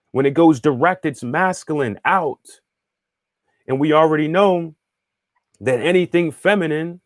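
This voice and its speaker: A man's voice: a little high, no room sound, studio quality. A man giving a casual spiritual lesson, talking in a conversational way, often checking in with the listener and restarting phrases as he thinks aloud. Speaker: spiritual teacher and astrologer. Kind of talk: casual teaching monologue, answering viewer questions.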